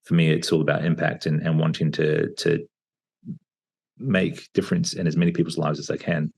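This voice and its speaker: A man in his thirties, a podcast guest talking reflectively over a video call, with plenty of pauses and fillers. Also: a bass voice, level tone, creaky, a little mellow, slightly rough. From Australia. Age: 30s. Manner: reflective, hesitant with many fillers. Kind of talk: casual interview talk.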